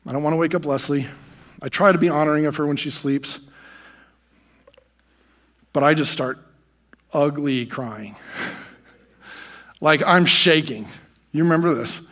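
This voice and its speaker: A man's voice: a little high, a bit bright. An American man preaching from the pulpit, telling a personal testimony in an earnest, emotional way.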